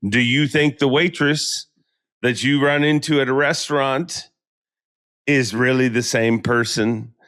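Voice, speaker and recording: A man's voice: mid-range voice, steady tone, a little slow, a bit bright. A man hosting a casual podcast chat, joking and rambling with lots of restarts. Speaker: podcast host and tournament emcee.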